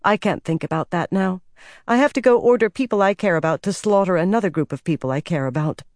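A narrator voicing a young woman leader who speaks in a cool, measured and commanding way. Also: mid-range voice, dry recording, voice pushed up, natural voice. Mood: firm. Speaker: Amyrlin.

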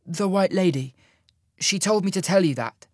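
A man's voice: high-pitched, normal speed, breathy edge, no room sound, clean studio sound, pitched above the performer's own voice. A man voicing a fierce, loyal young woman who speaks bluntly and demandingly in a storybook reading. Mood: urgent.

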